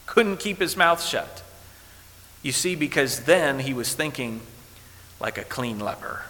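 A male pastor preaching a sermon in a church, quoting old scripture and swinging from hushed passages to loud ones. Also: medium pitch, expressive, unhurried. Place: church sanctuary. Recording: echoey hall with faint hiss.

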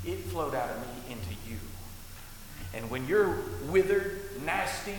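A man's voice: a little high, lively intonation, a little slow. Man preaching in an echoey church. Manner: preaching with King James quotes, swinging from hushed to loud. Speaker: pastor. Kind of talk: sermon. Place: church sanctuary. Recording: echoey hall with faint hiss.

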